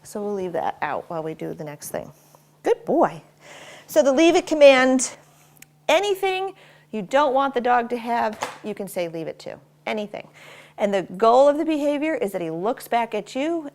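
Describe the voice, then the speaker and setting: A woman's voice: a little high, expressive, normal speed. A woman dog trainer explaining commands and praising her dog as she works him. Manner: praises the dog warmly and often in a bright raised voice. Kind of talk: instructional dog training demo. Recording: faint background noise with clicker clicks.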